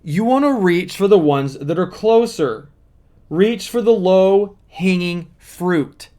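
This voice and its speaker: Coach type, high male voice, earnest explainer who repeats the key points. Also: lively intonation, takes it slowly, dark tone. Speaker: manifesting coach. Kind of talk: motivational teaching monologue.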